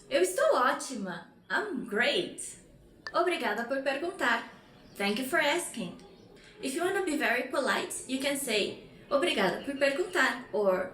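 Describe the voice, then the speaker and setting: High bright Brazilian teacher, echoey room. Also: female voice. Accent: Brazilian Portuguese. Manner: slows down to spell out phrases and repeats them. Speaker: Portuguese teacher. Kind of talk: bright lesson presentation.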